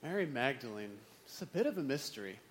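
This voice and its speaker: A man's voice: medium pitch, big pitch swings, brisk. A man preaching in a conversational way, with wry, self-mocking asides. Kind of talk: sermon.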